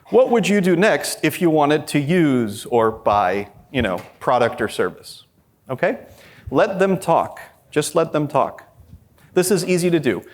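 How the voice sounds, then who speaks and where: A man presenting a conference workshop, talking energetically and addressing the audience directly. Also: a little high. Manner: quotes imagined people in a raised voice.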